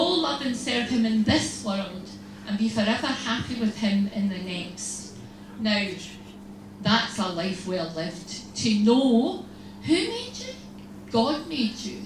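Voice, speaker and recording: A religious sister giving a humorous, storytelling talk to an audience, acting out little exchanges. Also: female voice, on the high side. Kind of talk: lively faith talk to an audience. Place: large hall. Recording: echoey hall, distant mic, faint noise.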